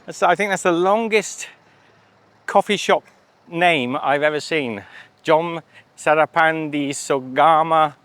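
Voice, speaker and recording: A man's voice: on the high side, slow pace, fairly bright tone, smooth. A man hosting a casual travel food vlog outdoors at a street stall, chatty and cheerful, laughing often and talking while he eats. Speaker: travel vlogger.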